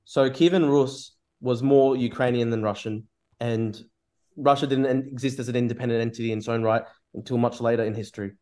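A man's voice: mid-range voice, fairly even intonation, fairly quick, warm tone. A man in a heated online debate, repeating accusations against his opponent. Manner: accusing, hammers the same charge again and again.

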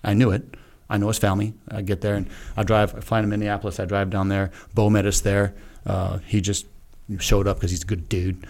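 A middle-aged man with a somewhat low voice tells a personal story as a podcast guest. He talks casually and frankly, with an earnest tone. He slips into quoting what he said back then. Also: little pitch movement, brisk, few pauses, darkish tone. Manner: earnest, frank, acts out his own past remarks. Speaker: podcast guest, retired Navy SEAL.

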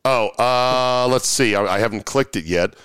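A man's voice: medium pitch, moderate pace, fairly bright tone, smooth, no room sound. A man hosting a casual sports podcast, reading listener emails aloud and trading sardonic remarks. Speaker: podcast host.

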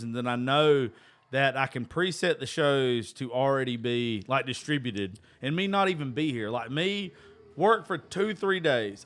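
A man telling a crude story in a casual chat, animated and laughing as he swears. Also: on the high side.

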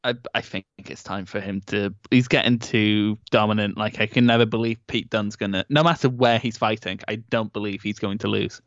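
A man's voice: fairly low pitch, fairly even intonation, normal speed, few pauses, no echo, lo-fi sound. A man co-hosting a wrestling review podcast, teasing with dry humour in casual chat. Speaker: podcast co-host.

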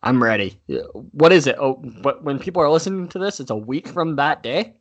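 A young man co-hosting a casual sports podcast, relaxed and teasing. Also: fairly high pitch, fairly quick, dull audio. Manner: relaxed, teasing, laid-back. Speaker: podcast co-host.

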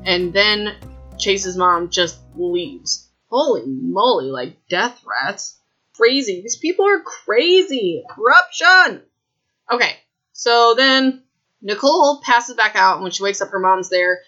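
A woman hosts a podcast, recapping a book in a chatty, excitable way, often stopping to talk to her listeners. Her voice is bright and forward. The recording sounds a little dull and lo-fi. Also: medium pitch, slow pace, soft background music. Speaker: podcast host.

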